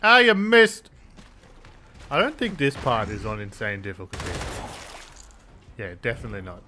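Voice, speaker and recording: A man giving crude, excitable commentary over a video game playthrough, taunting the characters and cheering loudly. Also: on the low side, a little fast, background noise. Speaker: gameplay commentator.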